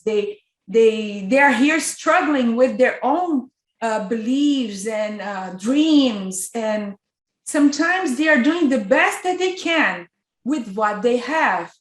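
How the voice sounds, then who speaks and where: A woman hosts the interview, slow and reflective in a fairly high voice. Her words echo around the room, and she explains ideas gently. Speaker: host. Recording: echoey room.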